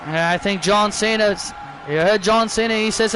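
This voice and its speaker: A man hosting a gaming channel, calling a wrestling video game match as mock play-by-play, excitable, repeating himself and shouting at the big moves. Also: high voice, moderate pace, crowd noise, noisy background.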